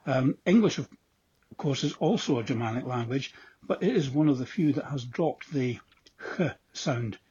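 Husky Scottish man on a lo-fi message. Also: medium pitch, lively intonation, dark tone. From Scotland. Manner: unhurried, with many ums and modest asides. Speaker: listener sending a voice message. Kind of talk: casual explanatory voice message.

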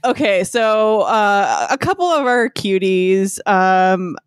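A woman's voice: mid-range voice, big pitch swings, slow pace, smooth. Playful woman podcast host. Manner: laughing, playful. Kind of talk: casual chat.

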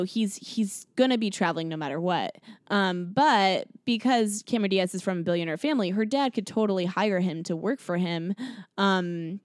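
A woman's voice: mid-range voice, no echo, clean studio sound. A young woman co-hosting a podcast, casually recapping a film with lots of fillers and acted-out quotes. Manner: chatty, lots of likes and ums, acts out quotes. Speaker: podcast co-host.

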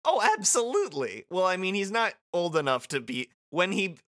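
A man's voice: high-pitched, very animated, normal speed, fairly bright tone. A man co-hosting a podcast, making wry casual asides between game lines. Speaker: podcast co-host. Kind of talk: casual chat.

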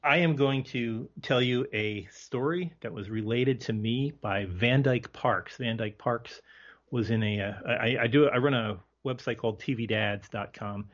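A man guesting on a casual film podcast, talking in halting bursts with many restarts. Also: medium pitch. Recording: dull lo-fi audio.

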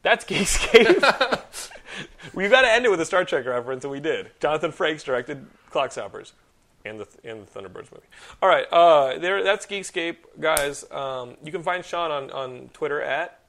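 A man in his thirties hosting a podcast, telling stories in casual chat with lots of swearing and animated outbursts. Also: fairly high pitch, a little fast. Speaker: podcast host.

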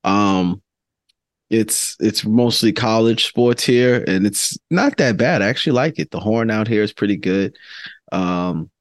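A man's voice: on the low side, a little slow, dry recording, clean studio sound. A man co-hosting a casual sports podcast, chatty and laughing as he talks. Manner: chatty, laughs while talking. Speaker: podcast co-host.

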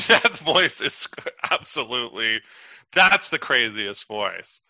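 A man with a very bright, forceful voice chats as a podcast co-host, halting and filling gaps with "like". His mic sounds dull and lo-fi, and the sound is dead dry with no room. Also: mid-range voice, very animated, gravelly, dry recording. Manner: halting, heavy use of "like". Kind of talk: casual chat.

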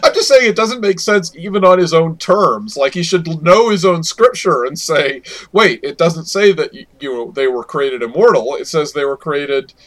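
A man co-hosting a podcast in casual chat, animated and steering the discussion. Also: on the high side, moderate pace, few pauses. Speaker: podcast co-host.

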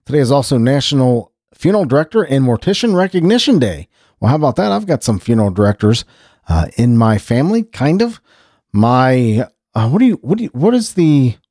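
A man's voice: medium pitch, big pitch swings, normal speed, mellow, no echo, studio quality. A middle-aged American man hosting a casual podcast chat, rambling and restarting his sentences with the odd chuckle. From United States. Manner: rambling, self-interrupting, chuckling. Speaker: podcast host.

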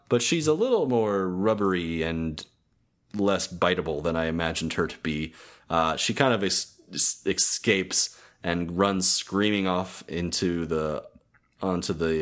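A man casually retelling a cartoon episode on a podcast, halting with many restarts and fillers. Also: low-pitched, a bit bright. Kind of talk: casual chat.

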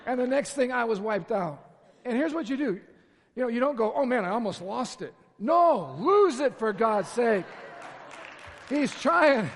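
A man's voice: very high-pitched, lively intonation, measured pace, a faint crowd. Impassioned man preaching in a church hall. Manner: impassioned, builds from quiet to shouting. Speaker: pastor. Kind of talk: sermon. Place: large church hall with worship band. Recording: live church hall with reverb and band music.

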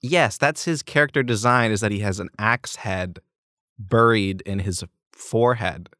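A man's voice: fairly low pitch, a little slow, pushed and bright, no room sound, clean studio sound. A man co-hosting a fantasy world-building podcast, chatting in a playful, giggly, rambling way. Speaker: podcast co-host. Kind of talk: casual comedic chat.

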